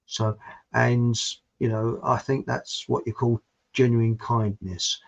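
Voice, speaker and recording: A man's voice: medium pitch, flat delivery, slow pace, creaky. A British man hosting a casual chat, rambling and chatty, laughing at his own jokes. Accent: British English. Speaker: host. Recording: muffled lo-fi audio.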